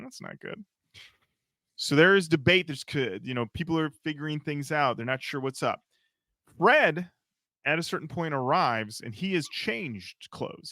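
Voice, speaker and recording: A man's voice: medium pitch, dry recording. A man co-hosting a podcast, telling a backstage story in casual chat and acting out what people said. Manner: animated, acts out quotes. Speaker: podcast co-host.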